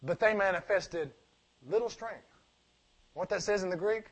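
Man preaching, high voice, rhetorical questions, loud then hushed asides. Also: moderate pace. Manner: swings from loud emphatic preaching to quiet asides; rhetorical questions, answers them himself. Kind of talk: sermon.

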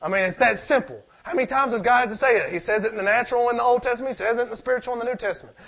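A man's voice: very high-pitched, very fast, creaky, a bit bright. A man preaching a sermon, reading scripture aloud and asking the congregation questions in a conversational way.

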